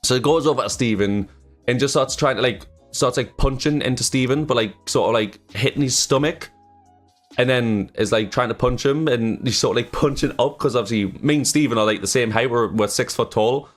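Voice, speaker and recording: A man's voice: mid-range voice, a little fast, soft background music. A young man telling a story on his channel, rambling with lots of fillers and swearing. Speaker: YouTuber. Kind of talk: casual storytime vlog. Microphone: desk microphone.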